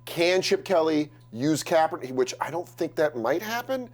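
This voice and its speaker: A man chatting casually as a comedian guest on a podcast taped live, animated, laughing and slipping into voices. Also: on the high side, moderate pace. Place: live podcast taping before an audience.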